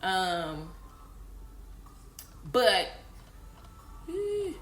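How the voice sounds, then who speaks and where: A woman's voice: medium pitch, huge pitch swings, drawn-out words, a bit bright, reverberant. A woman hosting a podcast, giving a conversational, preachy faith talk straight to her listeners. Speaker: podcast host.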